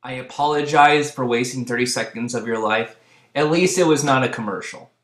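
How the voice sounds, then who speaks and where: A young man giving comedic review commentary, sarcastic and profane, breaking into repeated yelled gags. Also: medium pitch, brisk, over loud music. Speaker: video reviewer. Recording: roomy echo.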